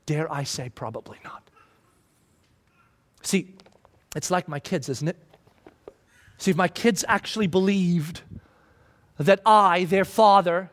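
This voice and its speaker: High-voiced emphatic male preacher. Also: expressive. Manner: emphatic, builds in rising waves then drops quiet and slow. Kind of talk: sermon.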